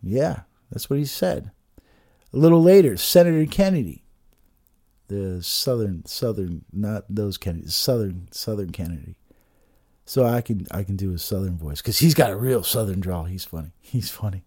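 Brief: a man ranting about politics, swears a lot, animated swings, mellow tone. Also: lowish voice, normal speed, slightly rough. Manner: profane, agitated, with many restarts. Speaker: political commentator.

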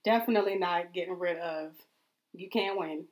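A woman's voice: lowish voice, normal speed. A woman co-hosting a podcast in casual chat, insistent and easygoing, swearing casually and laughing often. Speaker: podcast co-host.

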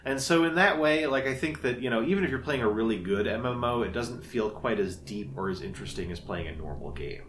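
A man's voice: mid-range voice, expressive, a little fast, few pauses, fairly bright tone, slight background noise. A man co-hosting a podcast in casual chat, thoughtful and hesitant, with many fillers. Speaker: podcast co-host. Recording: echoey room.

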